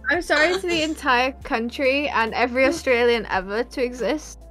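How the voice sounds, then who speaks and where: A woman in casual chat on a live stream, chatty, playful and quick to laugh. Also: high voice, fairly bright tone, faint music behind.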